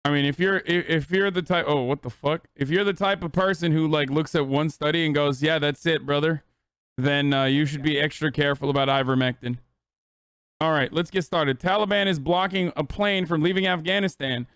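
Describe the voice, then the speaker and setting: A man's voice: fairly high pitch, a little fast, fairly bright tone, clear, resonant tone, no room sound, studio quality. A man streaming live, reacting to clips with loose, profane, rambling commentary.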